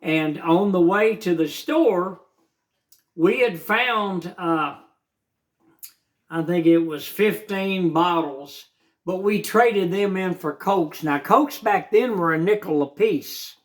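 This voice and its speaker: A man's voice: high-pitched, slow. A man in his seventies telling a childhood story as a channel host, in a folksy way and talking straight to his viewers. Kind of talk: casual storytelling of childhood memories.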